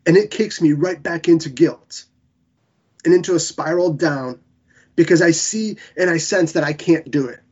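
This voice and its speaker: An earnest man preaching a Bible-teaching sermon in a slightly high, husky voice. He pauses, restarts and piles up words while sounding emotional. The recording is somewhat muffled and lo-fi. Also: a little mellow. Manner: earnest, halting, with many restarts and fillers.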